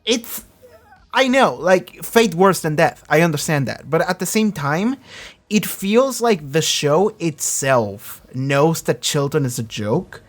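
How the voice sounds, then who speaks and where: A man with a hoarse, cracking voice hosting a casual reaction review, rambling and swearing freely. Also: on the high side, sing-song, slow. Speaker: reaction video host.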